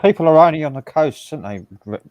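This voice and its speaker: Fast-talking man, dry sound. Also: a little high, animated, a little mellow, no echo. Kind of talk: casual chat.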